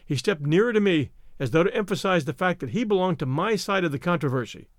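Expressive male audiobook narrator. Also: high voice, quick pace, no echo, studio quality. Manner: expressive, even storytelling. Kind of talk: audiobook reading.

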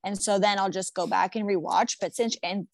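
A woman's voice: mid-range voice, fairly even intonation, moderate pace, vocal fry, no echo. A woman guest answering interview questions in a plain, matter-of-fact way. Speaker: guest fighter.

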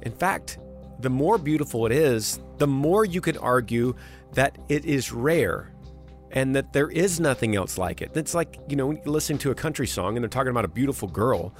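Folksy late-night radio host, mid-pitched, earnest, soft music underneath. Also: male voice, expressive, normal speed.

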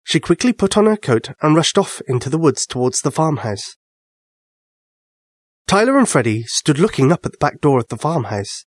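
Lively male storyteller reading a bedtime tale. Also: on the high side, moderate pace, no echo, studio quality. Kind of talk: children's bedtime story narration.

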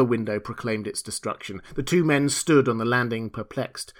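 In a mid-range voice, a man narrates a classic novel as an audiobook, measured and dramatic in his storytelling.

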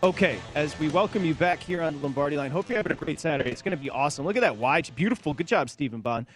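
A man hosting a sports betting talk show, upbeat, bantering quickly with his co-hosts. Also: on the high side, expressive, soft background music.

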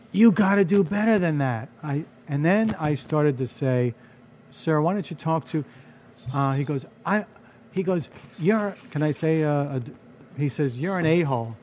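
A man, a bartender telling stories in casual chat, animated and full of restarts. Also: fairly high pitch, measured pace, a little hiss or hum. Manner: animated storyteller, frequent restarts. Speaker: bartender and storyteller.

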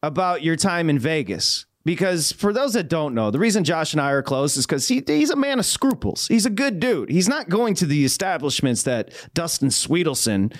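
Lively man hosting a betting show. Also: a little high, normal speed, hardly any pauses, dry recording, studio quality. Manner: lively, teasing, emphatic. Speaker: sports betting show host. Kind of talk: casual sports betting talk.

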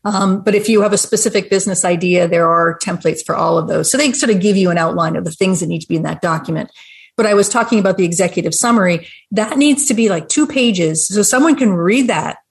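A woman's voice: fairly low pitch, fast. A woman who consults and teaches, giving a friendly, explanatory talk in a webinar conversation. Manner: explanatory, friendly, laughs now and then. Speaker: restaurant business consultant and educator.

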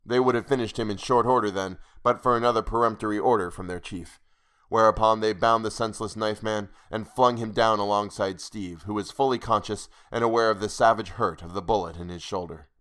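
A man narrating a pulp adventure story in a steady, dramatic reading. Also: on the low side, brisk, clean tone. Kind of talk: audiobook narration of pulp fiction.

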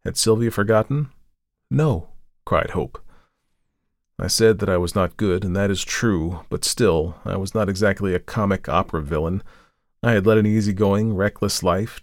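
Narrating a story dramatically on his podcast, this man lifts his voice whenever he quotes dialogue and slows down when things get tense. He speaks in a lowish voice, recorded in the studio with no echo.

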